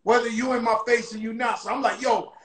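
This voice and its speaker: Loud high-voiced man hosting a livestream. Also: fast, roomy sound. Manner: loud, excitable, swearing. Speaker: host. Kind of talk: casual livestream interview.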